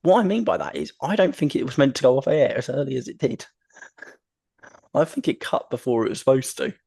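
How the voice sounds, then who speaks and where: A man's voice: mid-range voice, very animated, fairly quick, vocal fry, warm tone, slightly rough. A man hosting a wrestling podcast, chatting casually and enthusiastically, with lots of ums and restarts. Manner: rambling, enthusiastic, frequent ums. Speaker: podcast host.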